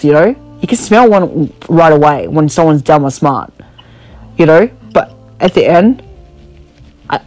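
A woman's voice: sits low, darkish tone, poor audio. A woman hosting a podcast over the phone in a blunt, profane casual rant, packed with "you know" and "like," her voice worn out from talking. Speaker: podcast host.

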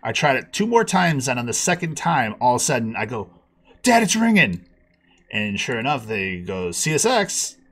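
A man on a podcast call tells a story in a lively, swinging voice. He jumps high and loud whenever he acts out the people he quotes. His pitch sits in a middle range for a man. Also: fairly quick, few pauses. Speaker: podcast guest. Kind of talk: casual storytelling.

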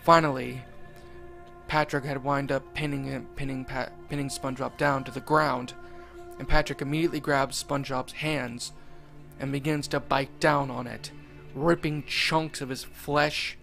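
A man reading a horror story aloud, deliberate and dwelling on grisly details. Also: mid-range voice, little pitch movement, vocal fry, fairly bright tone. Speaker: narrator. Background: faint music.

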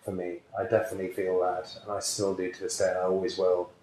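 Man, earnest storyteller, lowish voice, echoey room, faint background hiss. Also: monotone, fast, a little mellow. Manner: earnest, reflective, acts out quoted voices. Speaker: psychic healer, interview guest. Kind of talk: personal storytelling interview.

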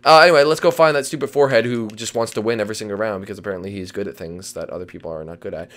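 A young man hosting comedic game commentary, excitable and playful. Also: lowish voice, racing. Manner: excitable, playful, jumps from mutters to yelling. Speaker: gaming channel host.

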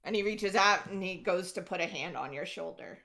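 A woman's voice: on the low side, a little fast, vocal fry, bright, forceful tone. A woman narrating as game master of a tabletop game, chatty and laughing often.

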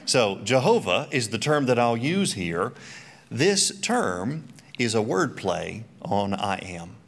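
A man's voice: mid-range voice, big pitch swings, takes it slowly, vocal fry. A middle-aged man giving a church Bible teaching talk, full of joking, self-mocking asides.

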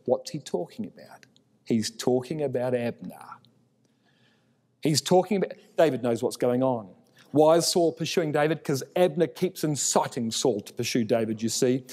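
Male Bible teacher, lively delivery, mellow tone, long hall reverb. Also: medium pitch, moderate pace. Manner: animated, acts out biblical dialogue in raised voice.

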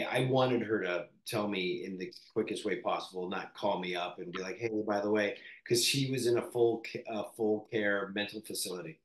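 Man from Canada, low voice, reflective and halting, roomy echo. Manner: reflective, halting, with many fillers and restarts. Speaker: actor, interview guest. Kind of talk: candid personal interview.

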